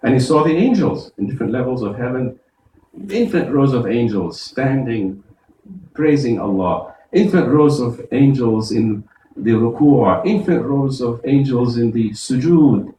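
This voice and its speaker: A man, an imam, giving a Friday sermon, explaining verses step by step and reciting Arabic quickly. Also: medium pitch, expressive, dark tone, reverberant, far from the mic, slight background noise, poor audio. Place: mosque prayer hall.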